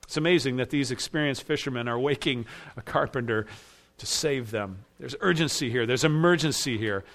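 A man's voice: medium pitch, moderate pace, a bit bright. A man preaching an expository sermon with emphatic rising bursts. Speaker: pastor.

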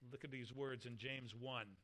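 Bright-voiced man preaching earnestly. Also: medium pitch, steady tone, moderate pace, a little hiss or hum. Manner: earnest expository preaching, reading scripture aloud with emphasis. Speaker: pastor. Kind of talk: sermon.

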